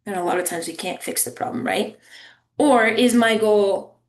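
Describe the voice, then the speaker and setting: This woman's voice sits at a medium pitch and moves at a normal speed, ringing with reverb. She's presenting a family engagement webinar on a video call, chatting warmly and checking in with her audience using "right?" and "okay?"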